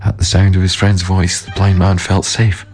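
A man narrating a storybook tale in a measured, solemn way, with a husky voice. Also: sits low, monotone, darkish tone, soft background music.

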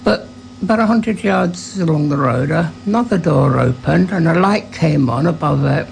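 A radio presenter telling a relaxed anecdote before playing a record, with a few hesitant fillers. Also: mid-range voice, normal speed, gravelly, a little hiss or hum, poor audio. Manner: relaxed storytelling with fillers and acted quotes.

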